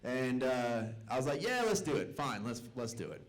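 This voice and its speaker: On a comedy club stage before a live audience, a young man performs stand-up built on family stories, acting out his relatives' voices with a Southern-tinged delivery. His mid-range voice swings widely in pitch at a normal speed, and the audio quality is poor.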